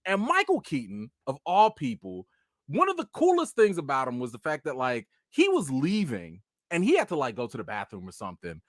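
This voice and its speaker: Animated man telling stories to his viewers. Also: medium pitch, a little fast, no room sound, studio quality. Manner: animated storytelling, addresses viewers as "y'all". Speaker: channel host. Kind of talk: casual live chat recap.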